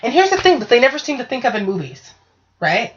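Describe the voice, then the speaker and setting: A woman's voice: a little high, big pitch swings, fast. A woman in casual podcast chat, talking in a chatty, profane way and acting out voices. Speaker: podcast co-host. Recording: muffled lo-fi audio.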